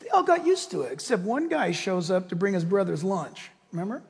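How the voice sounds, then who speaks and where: A male pastor preaching a sermon with animated storytelling, acting out voices along the way. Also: high voice, a little fast, gravelly, breathy edge. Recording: long reverb of a large hall.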